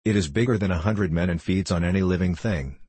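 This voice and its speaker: A man voicing a brave, polite young soldier in a storybook, speaking calmly and firmly. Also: sits low, quick pace, slightly rough, no room sound. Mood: earnest. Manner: calm, firm and courteous.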